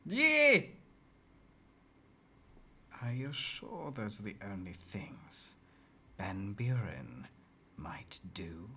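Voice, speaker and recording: Game streamer, reading aloud, lively pitch, loud profane reactions, faint background hiss. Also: slow pace. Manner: loud, swearing, laughing reactions.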